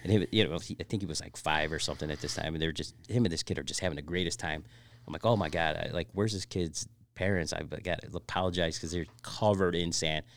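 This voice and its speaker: A man's voice: sits low, quick pace. A man hosting a podcast, joking and teasing guests and telling stories in casual chat. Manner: jokey, teasing, tells stories with quoted voices. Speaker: podcast host.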